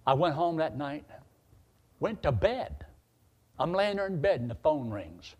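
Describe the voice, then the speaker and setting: Preacher telling a story from the pulpit, husky voice, lively swinging pitch. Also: male voice, unhurried, muffled recording. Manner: animated, acts out dialogue. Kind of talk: sermon storytelling.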